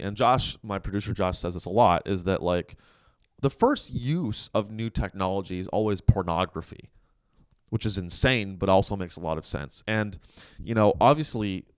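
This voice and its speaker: A man's voice: lowish voice, clean tone, no room sound, clean studio sound. A man hosting a podcast, delivering a rambling, profane, sarcastic comedic monologue from a coworking office. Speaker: podcast host.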